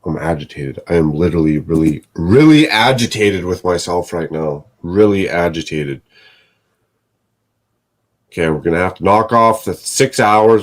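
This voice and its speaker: A man's voice: low-pitched, animated, moderate pace. A man live streaming from his home setup, rambling, swearing and talking to himself as he chats with his viewers. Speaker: live streamer building sets. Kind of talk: casual live-stream talk to chat.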